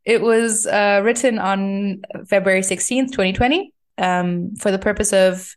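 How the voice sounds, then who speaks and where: Woman, podcast co-host, casual chat, playful, chatty, middling pitch. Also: steady tone. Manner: chatty and playful, quick to laugh.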